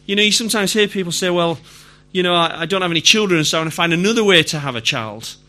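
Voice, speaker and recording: A middle-aged Yorkshire man preaching a sermon to a congregation. His voice sits high and sounds bright and forceful. He talks in a chatty way and often asks his listeners questions. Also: fast. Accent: Yorkshire English. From Yorkshire, England.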